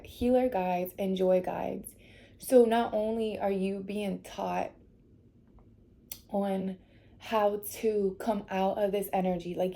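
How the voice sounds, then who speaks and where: A woman speaks to her viewers during a tarot reading, her voice gravelly and mellow. She is emotional and close to tears, laughing it off and reassuring her audience that everything will be okay. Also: mid-range voice. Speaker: tarot reader.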